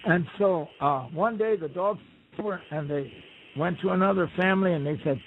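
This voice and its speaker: Male storyteller, high gravelly voice, plain-spoken, over a tinny phone line. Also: moderate pace. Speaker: guest storyteller. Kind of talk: telling folk tales. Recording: phone-like line, faint hiss.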